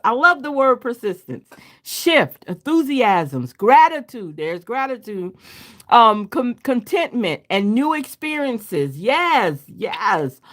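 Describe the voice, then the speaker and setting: A woman's voice: on the high side, very animated, slow. A woman hosting a live card reading, laughing often, reading affirmations aloud and answering herself with repeated yeses. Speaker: card reader.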